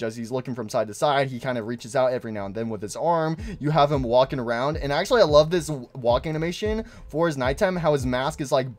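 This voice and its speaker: A man giving excitable gameplay commentary on his channel, gushing over details on screen. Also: mid-range voice. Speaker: gaming YouTuber.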